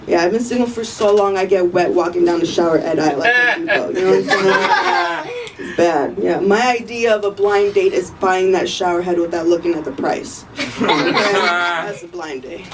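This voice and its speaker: A woman's voice: on the low side, moderate pace, far from the mic, heavy background noise. Brash, profane woman doing stand-up. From Armenian family. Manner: brash, profane, laughs at her own jokes. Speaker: stand-up comedian. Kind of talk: stand-up comedy set. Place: live comedy show in a garage studio.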